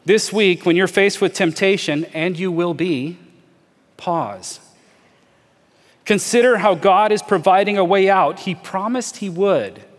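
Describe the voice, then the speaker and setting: A pastor with a fairly high voice delivers an earnest sermon in a church auditorium. He invites the listeners to imagine things with him and slows down to stress his key phrases. His voice carries a long hall reverb.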